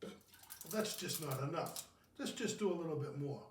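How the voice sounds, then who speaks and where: A man with a high, light voice rambles and jokes about himself while mixing a cocktail at home. He sits back from the microphone, so the kitchen's echo rings around his talk. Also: animated, normal speed, distant mic, a little hiss or hum. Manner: jokey, rambling, self-mocking. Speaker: cocktail show host. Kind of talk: casual home cocktail video. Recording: roomy, from off the mic.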